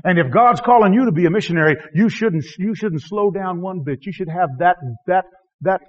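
A missionary preacher with a high-pitched male voice delivers a sermon at a fairly quick pace, lurching from shouts to near whispers and laughing to himself along the way. The recording is dull and lo-fi, with the high end muffled.

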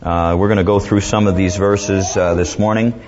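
A man preaching a folksy sermon, relaxed and chuckling, with many fillers, recorded in a church. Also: sits low, moderate pace, noisy background. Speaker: pastor. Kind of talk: folksy sermon with joke-telling. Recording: dull lo-fi church recording, faint ambience.

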